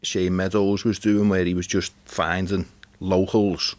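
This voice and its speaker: A deep-voiced man from Liverpool, England, speaks in a Scouse accent at a measured pace, with little pitch movement and a darkish tone on a dry recording. He's a spoken word performer appearing as a podcast guest in a recording studio, chatting casually in a laid-back way and often trailing off.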